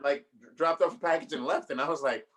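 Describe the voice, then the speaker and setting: A male comedian chatting casually on a video call, telling animated stories and laughing often. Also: a little high, quick pace. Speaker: guest comedian.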